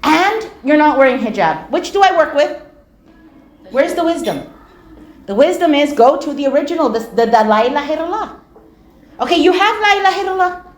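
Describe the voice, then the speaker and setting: Animated woman lecturing in an echoey hall. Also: high-pitched, a little fast, long pauses. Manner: animated, acts out quoted voices, repeats words for emphasis. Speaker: Islamic lecturer. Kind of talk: storytelling religious lecture.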